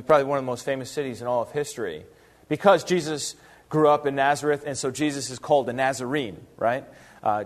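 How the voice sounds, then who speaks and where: A man with a mid-range voice teaches through a Bible passage verse by verse, keeping it casual and conversational. He's lively, tossing out rhetorical questions and little acted-out asides.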